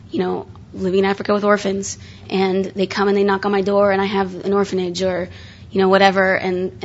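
A woman's voice: mid-range voice, breathy edge. A young woman preaching at a conference session in a casual, chatty way, with many fillers and restarts. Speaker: conference speaker. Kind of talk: sermon. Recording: muffled lo-fi live recording.

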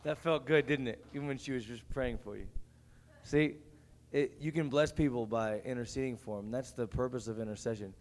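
A man's voice: mid-range voice, brisk, a little mellow. Joking young man in an echoey hall. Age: young adult. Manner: upbeat and joking, prompting the crowd for questions. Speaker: youth panel moderator. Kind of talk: casual panel talk with an audience. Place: camp meeting hall. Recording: echoey hall with faint background noise.

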